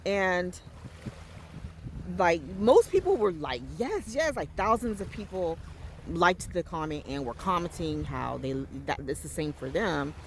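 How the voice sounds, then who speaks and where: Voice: medium pitch, expressive, a little slow, a little hiss or hum. A vlogger talking casually about faith and dreams outdoors by the water, rambling and emphatic, full of fillers and restarts, recorded on a handheld phone. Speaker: vlogger sharing faith experiences. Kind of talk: casual faith talk vlog.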